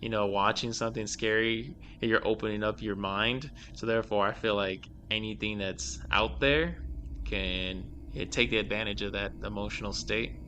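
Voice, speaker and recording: A podcast host with a bright, forceful voice chats casually and reads short horror stories. He slows down for the dramatic lines. A faint hiss sits under the recording. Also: fairly low pitch, fairly even intonation.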